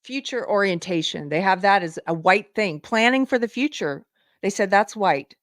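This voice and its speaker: A woman's voice: mid-range voice, expressive, moderate pace, dry recording, studio quality. A woman hosting a live political commentary show, indignantly reading items off a list. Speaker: livestream show host.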